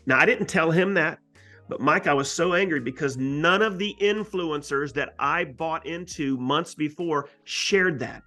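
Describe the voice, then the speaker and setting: An emphatic man recounts his experience as an interview guest, talking animatedly. His voice is bright and a little higher than usual for a man. Soft music plays underneath. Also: expressive, normal speed. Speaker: guest real estate agent. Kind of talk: storytelling interview answer.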